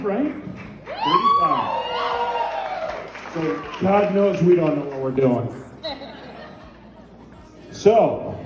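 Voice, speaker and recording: A man's voice: on the high side, warm tone. A man in his fifties giving a wedding speech as the groom's father, joking in a dry way. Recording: echoey room.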